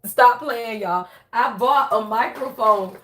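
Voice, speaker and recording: A woman's voice: on the high side, slow. Chatty woman with a tired, strained voice. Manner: chatty, animated, laughs often, talks straight to viewers. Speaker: spiritual reader and channel host. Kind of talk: casual livestream chat with viewers.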